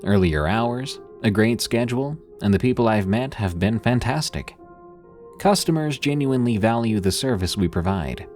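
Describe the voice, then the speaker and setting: A man narrating true scary stories in a scripted storytelling style, with a steady, even delivery. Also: fairly low pitch.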